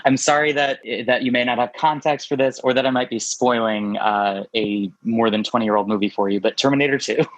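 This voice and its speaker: A man's voice: medium pitch, a little fast, no echo, muffled recording. A man hosting a casual podcast, picking apart a film in a talkative, analytical way, with many restarts. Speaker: podcast host.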